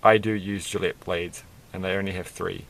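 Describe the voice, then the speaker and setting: A man's voice: low-pitched, steady tone, normal speed, creaky, fairly bright tone, slight background noise. Rambling man chatting while building Lego. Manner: chatty, rambling, self-amused asides. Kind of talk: casual rambling build commentary.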